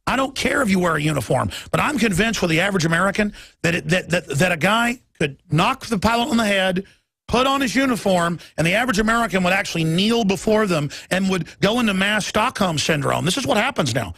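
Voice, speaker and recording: A man's voice: sits high, animated, quick pace, creaky, fairly bright tone, no room sound. A man hosting a talk radio show, delivering a heated, emphatic monologue and stumbling over repeated words as he pushes his point.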